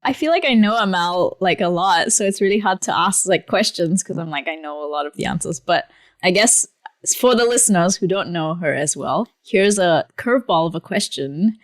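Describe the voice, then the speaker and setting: A woman's voice: fairly low pitch, expressive, moderate pace. A woman hosting a tech podcast, cheerful and giggly in casual chat. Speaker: podcast host.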